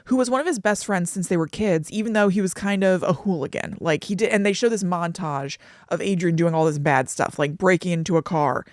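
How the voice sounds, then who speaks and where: A woman's voice: lowish voice, brisk, dry recording, studio quality. A woman co-hosting a podcast, retelling a TV episode in casual chat and acting out quoted voices as she goes. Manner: chatty, laughing, acts out quoted voices. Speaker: podcast co-host.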